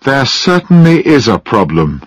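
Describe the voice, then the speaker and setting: A man reading a storybook, voicing an earnest young woman scientist with a husky, pleading voice. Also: medium pitch, sing-song, measured pace, dry recording, voice pushed up. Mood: alarmed.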